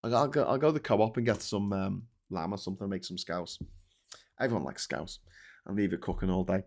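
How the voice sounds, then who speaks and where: A middle-aged British man hosts a daily political news show, ranting bluntly and sarcastically with swearing, plenty of fillers and restarts. His deep voice carries vocal fry and a slightly mellow quality, and he talks a little fast.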